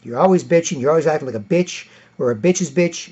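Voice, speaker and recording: Man, political rant monologue, emphatic and repetitive, somewhat high voice, dull lo-fi recording. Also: fast, a little mellow, breathy edge. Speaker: political vlogger.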